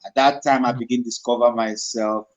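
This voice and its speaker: The recording is dull and lo-fi, but the speaker moves briskly in a mid-range voice. He's a middle-aged Nigerian actor guesting on a casual interview, an animated storyteller who drifts into Pidgin.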